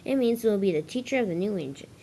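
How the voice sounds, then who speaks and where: A woman's voice: medium pitch, animated, very fast, warm tone, slight background noise, close to an everyday voice, rough recording. A woman voicing a formal railway boss who gives his engines orders. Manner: formal, instructing. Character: stern railway controller man in charge.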